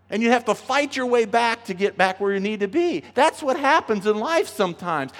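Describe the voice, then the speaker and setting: A male pastor delivers a sermon in a high, ringing voice. He preaches emphatically and acts out the voices he quotes. His words carry a long reverb through a large church hall. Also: expressive, fast talker, few pauses, a bit bright. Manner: emphatic, acts out quoted voices, rises in pitch when pleading.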